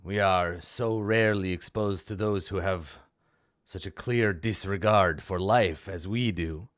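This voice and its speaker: A man's voice: deep voice, a bit bright, no echo, studio quality. A man voicing a formal, menacing male monster clan lord in a tabletop game. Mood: ominously polite. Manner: formal, slow, menacing politeness. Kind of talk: tabletop game role-play.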